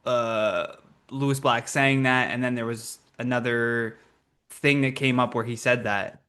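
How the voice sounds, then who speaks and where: A man of middling pitch hosting a casual podcast chat. He is quick to laugh, tosses in eager "yeah, yeah"s, and asks easy follow-up questions. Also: fairly even intonation, pushed and bright, clear, resonant tone. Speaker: podcast host.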